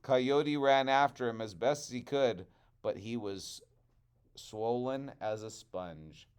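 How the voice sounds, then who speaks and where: A male teacher reading a storybook aloud to children, expressive and chatty, stopping for asides with the class. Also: mid-range voice, slow pace, clean tone.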